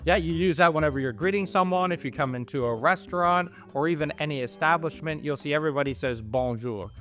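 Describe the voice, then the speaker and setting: A man's voice: on the high side, fast talker, a bit bright, soft background music. A middle-aged man from Canada, explaining travel phrases in an easygoing, casual chat. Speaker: travel vlogger.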